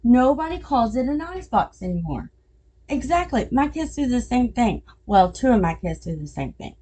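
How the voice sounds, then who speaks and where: Middle-aged woman hosting a podcast, just chatting and telling stories, mellow voice, cracks herself up. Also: on the high side, very animated, normal speed, slightly rough. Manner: chatty storytelling, laughs at her own jokes. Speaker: podcast host. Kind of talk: casual chat.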